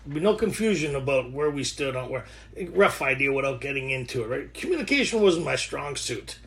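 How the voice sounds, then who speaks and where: A man in his thirties sharing his recovery story in a rough, joking way, with many restarts. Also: medium pitch, big pitch swings, fairly quick, fairly bright tone. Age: 30s. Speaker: recovery workshop speaker. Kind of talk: candid recovery share.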